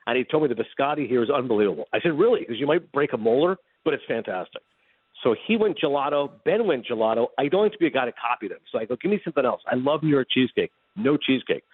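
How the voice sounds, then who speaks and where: Fast-talking man on a phone line. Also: mid-range voice, husky, no room sound. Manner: animated, fast anecdote telling with acted-out dialogue. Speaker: radio guest. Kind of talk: casual storytelling chat. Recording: dry phone-line sound.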